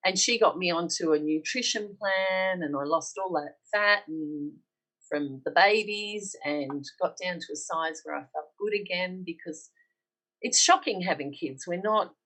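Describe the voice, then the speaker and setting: A woman's voice: on the low side, a little slow, fairly bright tone, rough recording. A middle-aged woman with an Australian accent, earnestly telling her personal story on a podcast and acting out the dialogue she quotes. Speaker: podcast guest.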